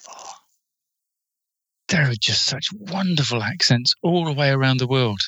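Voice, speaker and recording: A man with a British accent co-hosting a podcast, genial and good-humoured with thoughtful pauses. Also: mid-range voice, lively intonation, sharp tone, no echo, muffled recording. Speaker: co-host. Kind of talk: casual group chat on a podcast.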